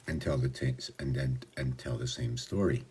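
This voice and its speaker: A man's voice: extremely low pitch, steady tone, moderate pace, mellow, slightly rough. A man explaining a number pattern in a meandering, rambling way, with many restarts, counting sequences aloud. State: out of breath at times.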